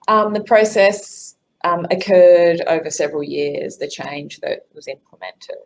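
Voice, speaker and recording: A woman's voice: lowish voice, fairly even intonation, a little slow, rough recording. A woman moderating a conference session over a video call, reading out audience questions in a friendly way with many fillers. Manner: friendly, filler-heavy, reads questions aloud.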